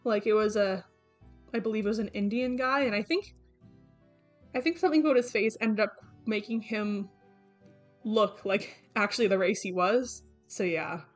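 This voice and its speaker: Her voice is mid-range at a normal speed as this young woman, an artist vlogger, walks through her sketchbook. She's casual and rambling, correcting herself and using many fillers, with faint background game music.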